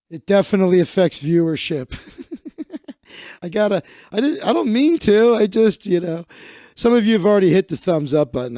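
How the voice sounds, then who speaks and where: Male comedy streamer, casual rambling and self-mocking, high and lively voice, close dry mic. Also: no echo. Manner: rambling, self-mocking, laughing at own jokes. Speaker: comedy livestream host.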